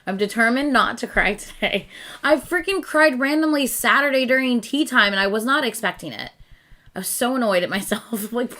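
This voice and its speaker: A woman hosts a reaction video in a chatty, rambling way, filling her talk with fillers and laughing at herself often. Her voice is on the high side, pushed and bright, and she talks a little fast.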